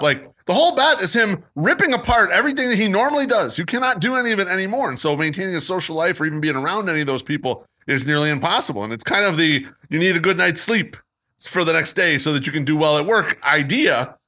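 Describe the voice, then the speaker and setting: High, lively man bantering crudely. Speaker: podcast co-host. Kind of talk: casual chat.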